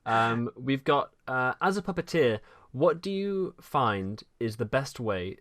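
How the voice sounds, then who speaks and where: A man moderating a conference, reading audience questions from the chat in a plain, even way. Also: medium pitch, slow pace, no echo, studio quality.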